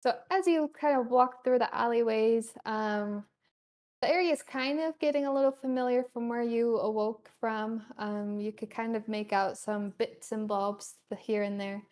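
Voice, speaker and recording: A woman narrating a tabletop game as game master, describing scenes in a halting way with many pauses. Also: fairly high pitch, darkish tone.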